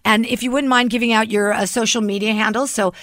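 A woman's voice: fairly high pitch, fairly even intonation, fast, a bit bright, no echo. Chatty enthusiastic woman host. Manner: chatty, enthusiastic, self-mocking. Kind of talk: casual interview chat.

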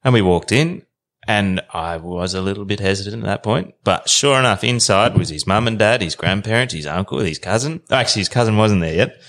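Animated and fairly quick, an Australian man in his thirties recounts a drawn-out travel yarn as a podcast guest, keeping things easygoing. His voice sits fairly low and sounds a bit bright.

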